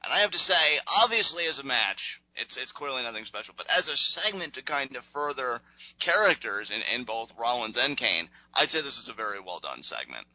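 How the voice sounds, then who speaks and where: A man's voice: mid-range voice, sing-song, a little fast, pushed and bright, dry recording, poor audio. A man hosting a podcast, recapping wrestling in casual, rambling chat full of fillers and acted-out quotes.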